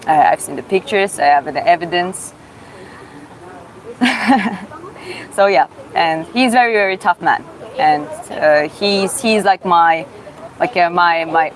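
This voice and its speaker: A woman with a Georgian accent and a slightly low voice runs a casual live Q&A. She reads viewers' questions aloud and answers in halting, self-taught English. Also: poor audio. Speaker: livestreamer answering chat questions.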